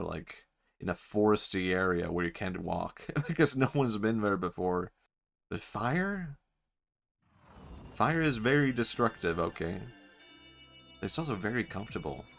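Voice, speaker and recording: A young man riffs playfully while he plays, rambling from thought to thought and breaking into laughter. His voice is fairly low with a gravelly, fry-heavy texture. Faint music runs underneath. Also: a bit bright. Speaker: streamer. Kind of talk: casual gameplay commentary.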